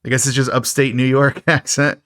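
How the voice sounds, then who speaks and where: A man's voice: medium pitch, level tone, a little fast, fairly bright tone. A man with a middle-range voice recaps a cheesy horror film in a loose podcast chat. He jokes, chuckles, and pokes fun at the props. The sound is dry and close, with no room echo. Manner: jokey, laughing often. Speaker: podcast co-host. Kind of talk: casual movie recap chat.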